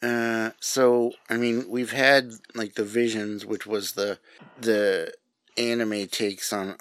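A man's voice: on the low side, flat delivery, slow, fairly bright tone. A middle-aged man with a New England accent, co-hosting a podcast in casual chat and laughing often. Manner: laughs often, jokey asides. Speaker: podcast co-host.

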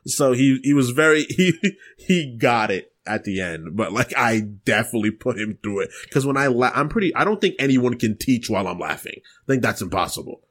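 A young man co-hosting a podcast, telling stories in casual chat and breaking into loud, explosive laughter. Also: medium pitch, very animated, fairly quick. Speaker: podcast co-host.

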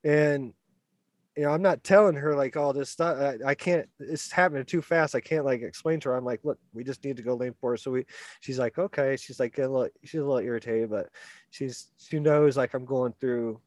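A man recounts a personal story in loose, rambling chat, often stumbling over his words and laughing along. His voice sits at an ordinary pitch. The sound is dry and close. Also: a little fast, no echo. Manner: rambling, animated, repeats words and restarts. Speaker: guest telling a story. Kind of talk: casual storytelling.

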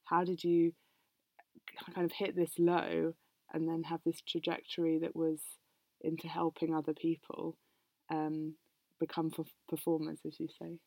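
An interviewer asking a long question, halting and searching for words. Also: mid-range voice, monotone, warm tone, no room sound, poor audio.

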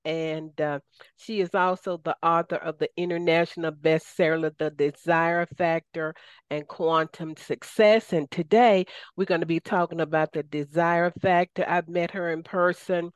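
A woman's voice: lowish voice, fairly even intonation, normal speed, clear, resonant tone, no echo, studio quality. Enthusiastic Southern woman radio host. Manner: enthusiastic, folksy, says y'all often. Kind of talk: casual radio talk show.

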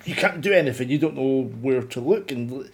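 A man's voice: medium pitch, expressive, brisk. Guy rambling about a movie, swears a lot, keeps restarting his sentences. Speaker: film podcast co-host. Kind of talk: casual chat.

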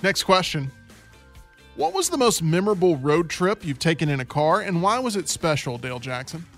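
A male host with a slightly high voice tells stories animatedly, putting on voices for the people in them. Faint music runs under his talk. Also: moderate pace. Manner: animated storyteller who acts out quotes. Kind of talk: casual chat.

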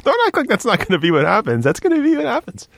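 A man's voice: high voice, wildly swooping pitch, fast talker, gravelly, a bit bright, no room sound. A man co-hosting a podcast in casual chat, joking and teasing and swearing freely. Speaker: podcast co-host.

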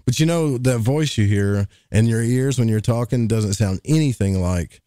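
A man's voice: medium pitch, normal speed, dark tone, dry recording, clean studio sound. A man, co-hosting a podcast in casual, rambling chat with jokes. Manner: folksy, rambling, jokey. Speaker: podcast co-host.

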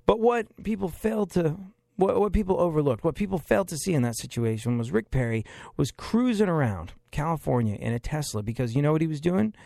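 A man's voice: fairly high pitch, expressive, a little fast, vocal fry, dark tone, no echo. Brief: male commentator, wry and sarcastic, dead-dry sound. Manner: sarcastic, emphatic, repeats phrases for effect.

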